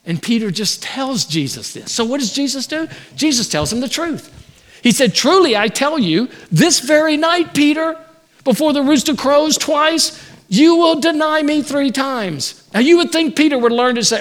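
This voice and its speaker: A man preaching a sermon as pastor, animated, acting out the words of people in the story. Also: extremely high pitch, a little slow.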